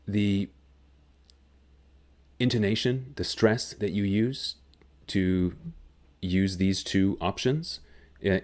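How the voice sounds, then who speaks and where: A man teaching a grammar lesson, explaining slowly and clearly. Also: low-pitched, a little mellow. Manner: slow, clear, deliberate explanation. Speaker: English teacher.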